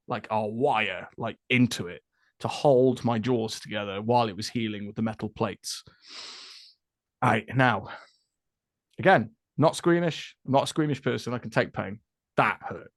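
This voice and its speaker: A man's voice: medium pitch, no echo, studio quality. A young British man, a talkative podcast guest who tells stories casually and laughs often. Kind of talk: casual conversational storytelling.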